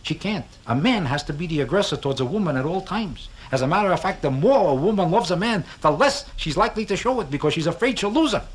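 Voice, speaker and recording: A man's voice: on the high side, expressive, fast, few pauses. A man doing a stand-up comedy routine, talking in a sing-song way, firing rhetorical questions at the audience and making boastful, self-mocking jokes. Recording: live club album with audience laughter and vintage background hiss. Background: audience laughter.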